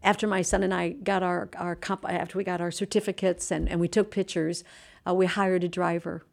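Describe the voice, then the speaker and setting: A middle-aged woman hosting a devotional talk, speaking earnestly with slow, emphatic phrases and dropping to a soft, hushed tone in reflective moments. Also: fairly low pitch, level tone, gravelly. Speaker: Christian host and speaker.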